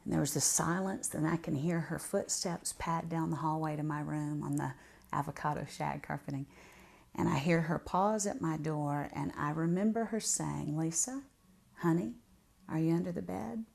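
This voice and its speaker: Low, gravelly woman storyteller. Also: fairly even intonation, moderate pace. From Southern United States. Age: 40s. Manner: warm, vivid storyteller, draws words out for emphasis. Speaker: author and speaker. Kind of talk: personal storytelling talk.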